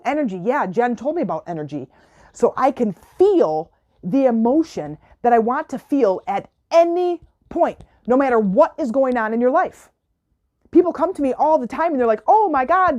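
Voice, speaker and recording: Mellow-voiced woman giving a motivational talk. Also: mid-range voice. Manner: earnest, repetitive, voices imagined clients. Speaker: podcast host and spiritual coach. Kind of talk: motivational self-help talk.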